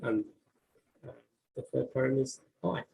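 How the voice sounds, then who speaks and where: A man's voice: mid-range voice, a little slow, vocal fry, warm tone, poor audio. Hesitant New man reading poetry. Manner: hesitant, many fillers and restarts. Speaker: poet and author. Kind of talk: conversational interview, reading poetry aloud.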